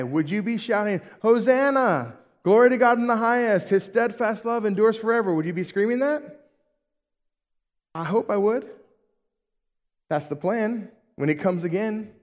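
A man with a fairly high voice preaches to a small congregation, his words trailing into a long hall reverb. He keeps it conversational, checking in with "right?" and asking his listeners questions as he goes. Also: darkish tone. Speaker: pastor. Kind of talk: sermon.

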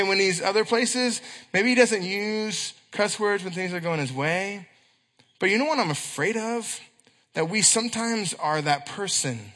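A man preaching a sermon to young people in a church, telling stories with quick asides and acted-out quotes. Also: sits high, bright, forceful tone. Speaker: youth pastor. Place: church hall. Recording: echoey church hall.

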